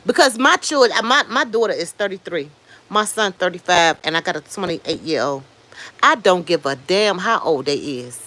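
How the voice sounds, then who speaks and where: A woman in her fifties hosting a livestream, giving blunt, animated commentary, swearing freely and answering viewer comments. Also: medium pitch, normal speed. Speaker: livestream host. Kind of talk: casual commentary.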